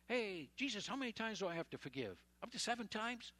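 A preacher putting on an eager blurting disciple. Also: male voice, sits high, very animated, a little fast, pushed and bright, pitched above the performer's own voice, heavily acted. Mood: curious. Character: impulsive blurting adult male disciple.

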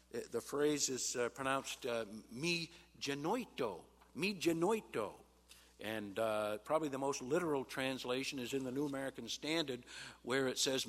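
A pastor giving a Bible sermon in an emphatic teaching manner, pausing on "uh" and rising sharply on quoted replies. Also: male voice, mid-range voice, a bit bright. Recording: long hall reverb.

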